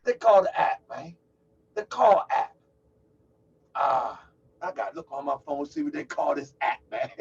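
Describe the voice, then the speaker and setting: Male call-in host, husky and gravelly, animated and chatty; distant lo-fi recording. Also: fairly high pitch, a little slow, pauses often. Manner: loose, chatty, exclaims and laughs while setting up. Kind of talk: casual livestream talk. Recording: distant, dull lo-fi mic.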